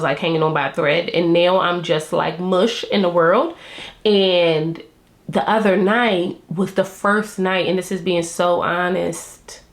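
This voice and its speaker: A woman vlogger reviewing a reality show, chatting to her viewers in a candid, slangy way and laughing often. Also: fairly low pitch. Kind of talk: casual chat to camera. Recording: roomy echo.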